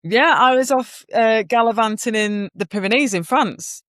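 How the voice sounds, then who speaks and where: A woman's voice: on the high side, moderate pace, a bit bright, no room sound, studio quality. A woman co-hosting a podcast who tells stories in an easygoing, curious way and thinks aloud as she goes. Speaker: podcast co-host. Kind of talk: casual chat.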